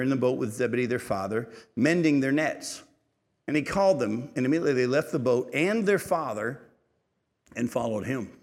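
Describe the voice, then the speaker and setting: A male pastor giving a sermon, reading scripture aloud with rising intensity and then retelling it in a quieter, conversational way with asides to the congregation. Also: big-room sound. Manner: rises in pitch and volume when reading aloud, drops low and quiet when retelling.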